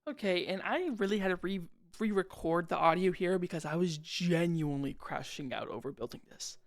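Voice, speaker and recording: Rambling young man with vocal fry. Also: high-pitched, a little fast. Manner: rambling, self-deprecating, slangy. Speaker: gaming channel host. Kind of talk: casual gameplay commentary over footage.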